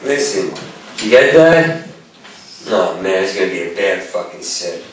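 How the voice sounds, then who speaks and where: A man doing a profane, rambling stand-up set at a comedy club, swinging his pitch and volume abruptly. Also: very animated, a little slow, very noisy. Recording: echoey club from far off.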